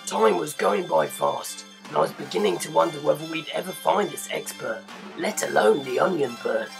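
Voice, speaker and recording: A man's voice: fairly high pitch, animated, moderate pace, creaky, music in the background. A young man hosting a comedic mock documentary outdoors, flustered and exasperated, swearing now and then. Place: outdoors in fields and bushes.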